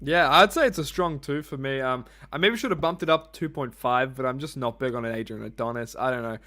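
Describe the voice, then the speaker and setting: This podcast co-host rambles through casual chat, swearing freely and laughing at himself. He has a mid-range voice with a sharp tone and talks a little fast.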